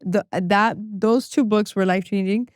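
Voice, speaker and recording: A woman's voice: medium pitch, fairly even intonation, measured pace, no room sound, studio quality. A woman guest on a podcast, chatting casually and animatedly, laughing often and swearing freely. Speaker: podcast guest, music publicist. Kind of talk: casual chat.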